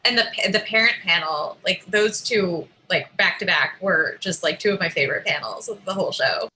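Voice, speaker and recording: A woman's voice: fairly low pitch, moderate pace, pushed and bright, slight background noise, low-quality recording. A woman, a festival organizer, chatting eagerly on a video call. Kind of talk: casual video call chat.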